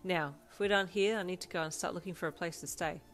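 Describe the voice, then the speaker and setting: A woman reading as a deadpan delinquent girl. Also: fairly low pitch, quick pace, lightly acted. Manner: deadpan, sarcastic and casual. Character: blunt, sarcastic delinquent teenage girl. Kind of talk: reading a fan fiction aloud. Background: faint backing music.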